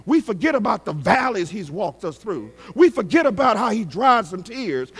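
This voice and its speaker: Man, pastor, sermon, very high voice, lively swooping delivery, shouts then hushes, long church reverb. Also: moderate pace, gravelly, few pauses, husky. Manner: impassioned preaching, swinging from shouts to hushed tones; calls on the congregation to respond. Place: church sanctuary.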